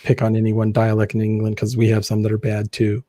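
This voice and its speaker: A man's voice: lowish voice, completely flat delivery, fast talker, warm tone, no echo. An American man hosting a live online chat, talking casually and rambling as he corrects himself. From United States. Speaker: livestream host.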